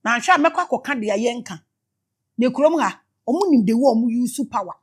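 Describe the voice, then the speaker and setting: A Ghanaian woman giving emotional spiritual commentary, shouting exclamations and switching between English and Twi. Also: a little high, animated, normal speed, breathy edge. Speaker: spiritual teacher.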